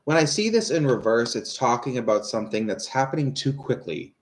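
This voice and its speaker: A man's voice: medium pitch, expressive, brisk. A man in his thirties giving live-stream tarot readings, rambling and hesitant with many fillers. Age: 30s. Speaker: tarot reader.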